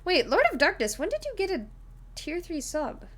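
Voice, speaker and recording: A woman's voice: very high voice, huge pitch swings, normal speed, a bit bright. A woman streaming live, chatting casually with viewers in a rambling way, giggling and full of fillers while she explains a tabletop game.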